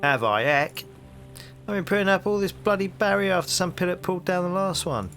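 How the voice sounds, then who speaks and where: A man voicing a gruff, lazy male London street copper in a point-and-click game, talking in brash Cockney rhyming slang. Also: high voice, expressive, a little fast, fairly bright tone, faint music behind, pitched above the performer's own voice.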